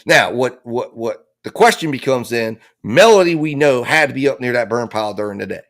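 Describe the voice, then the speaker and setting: A man's voice: mid-range voice, expressive, a little fast, a bit bright. A man commenting live on a murder trial, building his theory with heat and acting out the lines he imagines people saying. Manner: impassioned, theorizing, acts out quoted lines. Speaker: true-crime trial commentator.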